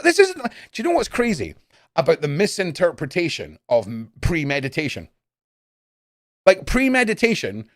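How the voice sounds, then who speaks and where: Guy rambling on his stream, swears constantly, pitch all over the place, dead dry mic. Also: dry recording. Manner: profane, animated, swings between loud and muttered. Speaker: live streamer. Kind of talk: casual rambling stream chat.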